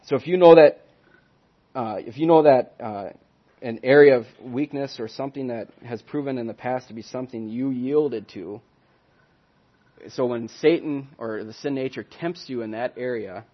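An earnest man teaches a Bible study at a middle pitch. He punches his key words and then lets each phrase trail away quietly. The recording sounds dull and lo-fi. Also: normal speed. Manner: earnest, emphatic, swings from loud stresses to soft trailing ends.

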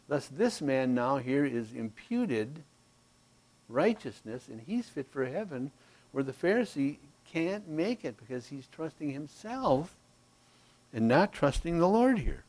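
A man preaching, in a voice of ordinary pitch. He drives his points home with repeated paired phrases, then sinks to a soft, low delivery. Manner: emphatic contrasting repetition, drops to quiet. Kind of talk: sermon.

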